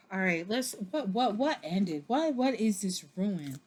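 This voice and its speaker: Chatty, expressive woman reading cards. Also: medium pitch, slow pace, a little hiss or hum. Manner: chatty, expressive, laughs and swears when surprised; loose, meandering delivery with many fillers. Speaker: tarot reader. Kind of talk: casual tarot reading to camera.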